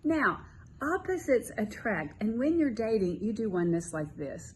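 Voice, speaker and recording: Southern lady co-hosting, animated storyteller, mid pitch, a little background hiss. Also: moderate pace, low-quality recording. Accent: Southern US, softened. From Southern US (Tennessee, North Carolina). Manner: animated, laughing, acts out quoted dialogue. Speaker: Christian counselor, co-host. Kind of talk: casual storytelling chat.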